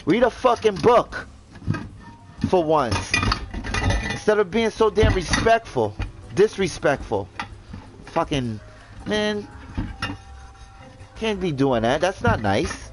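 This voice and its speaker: A man's voice: high-pitched, very animated, slow pace, pauses often, music in the background, poor audio. A man ranting indignantly in casual commentary, swearing and repeating himself as he stumbles over words. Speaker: gaming vlogger.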